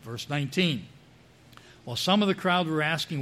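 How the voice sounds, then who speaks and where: A man's voice: fairly high pitch, expressive, moderate pace, fairly bright tone. A man preaching a sermon, reading scripture verses aloud and commenting between them.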